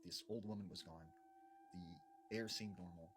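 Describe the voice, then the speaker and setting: Low-voiced man telling a scary story. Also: steady tone, a little slow, slight background noise. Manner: dramatic, draws out suspense, frequent fillers. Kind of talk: spooky storytime narration.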